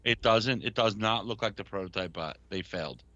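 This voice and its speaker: A man's voice: on the low side, brisk, bright, forceful tone, no room sound, lo-fi sound. A man with a Brooklyn accent co-hosting a casual podcast chat, blunt and swearing with emphatic opinions. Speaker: podcast co-host.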